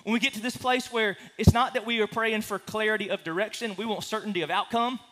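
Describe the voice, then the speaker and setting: A man preaching a sermon to a congregation, impassioned, swinging from hushed to loud. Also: high-pitched, fairly even intonation, quick pace. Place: large room with a congregation.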